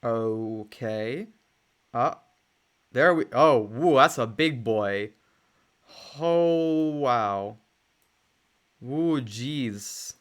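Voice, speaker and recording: A streamer chatting through a live game stream, moving between excited exclamations and mumbled asides. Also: mid-range voice, very slow, pauses often, smooth. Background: faint lo-fi music.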